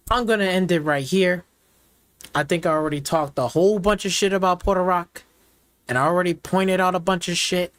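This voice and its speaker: A man's voice: high-pitched, fairly bright tone, dry recording. A man hosting a gaming channel who gives a profane, mocking and repetitive rant in reaction to game footage. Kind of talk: ranting game reaction commentary.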